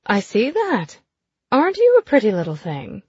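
Lady putting on a loud bawdy aristocrat, high and brassy, dry sound. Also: huge pitch swings, normal speed, breathy edge, no room sound, dull audio, heavily acted. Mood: cheeky. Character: brash posh older woman, teasing and blunt.

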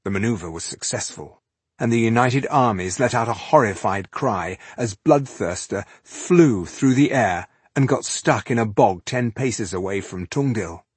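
A man reading an audiobook in an even, measured narration. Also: fairly low pitch, slightly rough, dry recording.

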